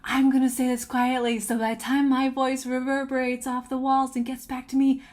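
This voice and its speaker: A woman's voice: sits high, level tone, normal speed, darkish tone, voice pushed up, close to an everyday voice. A woman quoting a grumpy green male creature muttering to himself, half-laughing.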